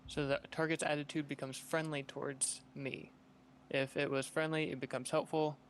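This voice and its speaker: Flat, measured tabletop player. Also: male voice, on the high side, vocal fry. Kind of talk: casual tabletop play. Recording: faint background noise.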